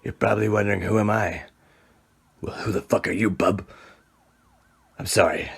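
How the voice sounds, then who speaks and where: A man's voice: fairly even intonation, moderate pace, vocal fry, breathy edge, soft background music, heavily acted. A man voicing a foul-mouthed, boozy abandoned house cat with a crude, grumbling manner. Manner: crude, grumbling, swinging from pitch to pitch.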